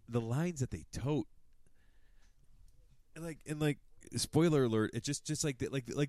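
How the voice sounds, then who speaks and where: A man with a very low voice talks loosely in a podcast chat. He rambles, swears and restarts himself often. The sound is dry and close, with no room around it. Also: a little mellow, dry recording. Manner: rambling, profane, many fillers and restarts. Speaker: podcast co-host. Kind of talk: casual chat.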